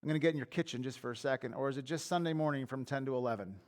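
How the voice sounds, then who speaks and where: A man's voice: medium pitch, rapid-fire. A man preaching a sermon as pastor in a church, telling candid personal stories in a conversational way and repeating words as he builds a point. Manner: repeats and restarts words when worked up.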